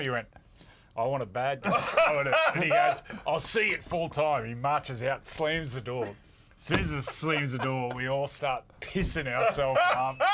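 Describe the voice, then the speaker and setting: A man with an Australian accent, co-hosting a rugby league show and telling animated stories with laughter. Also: mid-range voice, background noise. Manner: laughs through animated anecdotes. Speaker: co-host. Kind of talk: casual storytelling.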